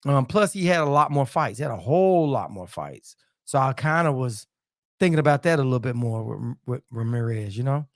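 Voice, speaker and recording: A man's voice: medium pitch, lively intonation, fairly quick, no echo, studio quality. A man hosting a casual live-stream boxing chat, loose and repetitive, dropping "man" and "you know" into nearly every sentence. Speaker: boxing talk show host.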